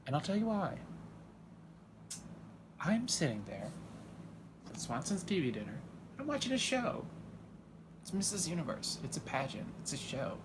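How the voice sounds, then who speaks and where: A man doing a deadpan comedy monologue in character as a dad, rambling and halting with fillers and jumping into sudden high, excited outbursts. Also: noisy background.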